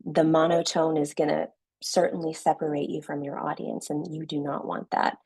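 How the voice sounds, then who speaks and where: Female online instructor, husky tone, lecture delivery with frequent check-ins. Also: low-pitched, darkish tone, no room sound, low-quality recording. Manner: coaching, checks in with "right?". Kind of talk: virtual class lecture.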